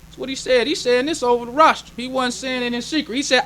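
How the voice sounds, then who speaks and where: A man's voice: extremely high pitch, fairly even intonation, fast, sharp tone. A man preaching a sermon as minister, emphatic and plainspoken, repeating his points. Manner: plainspoken, conversational delivery.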